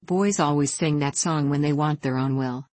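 A woman reading the part of a kind, patient old woodcarver who lectures gently. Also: low voice, moderate pace, no echo, lightly acted. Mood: stern. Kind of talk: audiobook character voice.

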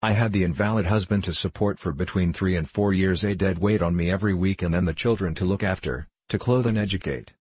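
A weary, practical middle-aged shopkeeping widow, tired and short on patience, as a man reads her in his own low voice. The voice is deep and husky, and the recording is dry and close. It comes across as a story read aloud. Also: fast, few pauses, a little mellow, no room sound. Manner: tired and impatient.

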